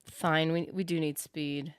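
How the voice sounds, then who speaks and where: A woman's voice: sits low, steady tone, measured pace, clean tone, dry recording. A woman streaming a game live, chatting casually and thinking aloud as she answers her viewers. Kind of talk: casual live-stream chat while gaming.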